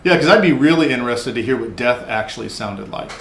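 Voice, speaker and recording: A man's voice: mid-range voice, animated, fast talker. A man hosting a podcast, asking long, rambling, enthusiastic questions. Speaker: podcast host. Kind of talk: casual interview questions. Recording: echoey room, faint background noise.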